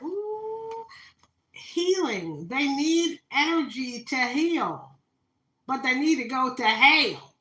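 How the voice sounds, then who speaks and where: A woman reads tarot cards live, talking dramatically to her viewers. Her voice is bright and her speech is full of fillers. She is recorded on a phone in an echoey room. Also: fairly high pitch. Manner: dramatic, spiritual, talks to viewers, many fillers. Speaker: tarot reader. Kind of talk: live-stream tarot reading.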